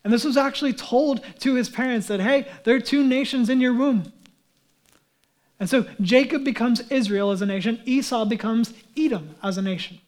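A man giving a sermon as pastor, in a conversational, animated way with frequent casual asides. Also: very high-pitched, moderate pace.

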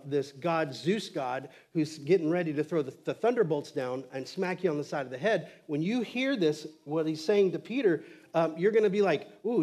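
A man's voice: fairly high pitch, darkish tone. A male pastor preaching a sermon in a casual, conversational way, acting out quotes from the text with lots of fillers.

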